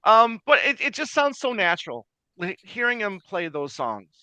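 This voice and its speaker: Bright, high-voiced man rambling casually. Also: sing-song, no room sound. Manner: halting, restarts often, laughs along. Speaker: podcast co-host. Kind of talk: casual chat.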